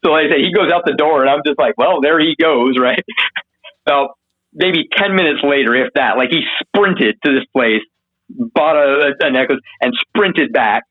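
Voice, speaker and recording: Guest, male, higher voice, tells stories with lots of swearing and acted-out quotes; thin phone-line sound. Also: normal speed. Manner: animated, profane, acts out quotes in a higher voice. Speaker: interview guest. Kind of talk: casual storytelling.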